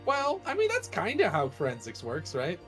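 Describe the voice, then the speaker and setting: A man's voice: high-pitched, moderate pace. A man bantering jokily during a casual let's play, often breaking into laughter. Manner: animated, jokey, breaks into laughter. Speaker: co-host. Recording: faint game music behind.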